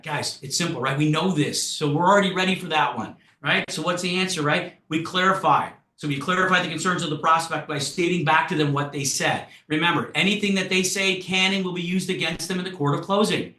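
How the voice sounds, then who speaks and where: A man running a sales training session, talking with high excitement and punchy, hyped delivery. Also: a little fast, few pauses. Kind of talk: energetic sales training talk. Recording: roomy echo.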